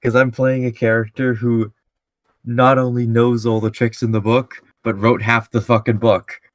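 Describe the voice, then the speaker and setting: A man running a tabletop game, chatting casually with the players, crude and quick to laugh. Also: medium pitch, little pitch movement, no room sound. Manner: laughing often, crude and joking. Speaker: game master. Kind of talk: casual chat between players.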